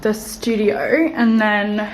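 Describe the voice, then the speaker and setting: A young woman in her twenties, gushing excitedly in a casual vlog, with lots of "like" between her words. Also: mid-range voice, slow, slight background noise, low-quality recording. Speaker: vlogger. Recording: background music.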